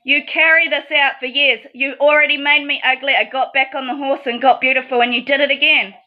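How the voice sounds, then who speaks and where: A woman's voice: high-pitched, fairly even intonation, fairly quick, muffled recording. A woman delivering an aggrieved, accusatory monologue straight to the viewer. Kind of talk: emotional monologue to camera.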